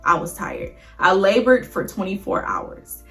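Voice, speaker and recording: A woman's voice: medium pitch, big pitch swings, a little slow, a bit bright, faint music behind. A young woman vlogger casually telling a personal story to her viewers, chatty and emotional, often addressing them as y'all.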